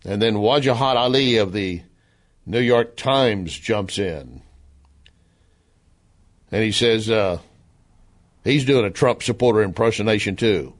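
A man from the American South with a Southern accent, hosting a talk radio monologue, sarcastic and animated as he retells and mimics what others said. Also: on the low side, measured pace, long pauses. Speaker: radio commentary host.

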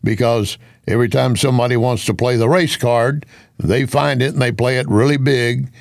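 A man's voice: medium pitch, fairly even intonation, moderate pace, creaky, dry recording, clean studio sound. A man hosting a radio talk interview, chatting with his guest and cutting in to push back. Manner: conversational, interjects and pushes back.

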